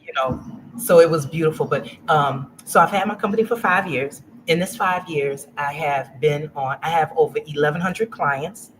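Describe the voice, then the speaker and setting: On a noisy livestream, a middle-aged Louisiana woman with a low voice talks at normal speed about her business in a casual interview. She laughs often and animatedly acts out the things people told her.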